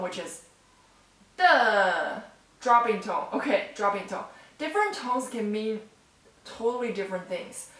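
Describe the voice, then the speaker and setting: A woman with a fairly high-pitched voice teaches a casual online language lesson, friendly and chatty, often checking in with "okay?" and "right?". She sits back from the mic, so the recording sounds roomy and distant.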